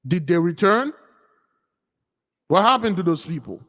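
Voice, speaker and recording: High-pitched, a bit bright and very animated, this man talks unhurriedly on his spiritual channel's livestream, recorded with long reverb. He rambles casually and keeps asking his audience questions.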